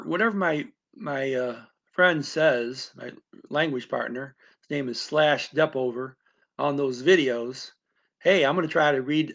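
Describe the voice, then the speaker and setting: A man's voice: mid-range voice, a bit bright. A man teaching languages, talking off the cuff in a rambling way with many restarts and fillers. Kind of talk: casual unscripted explanation to camera.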